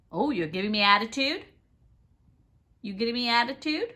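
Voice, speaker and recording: A woman at home talking to her pet parrot in a playful, coaxing sing-song, scolding it gently and fussing over it in baby talk. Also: a little high, animated, moderate pace. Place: home indoors, by a fireplace.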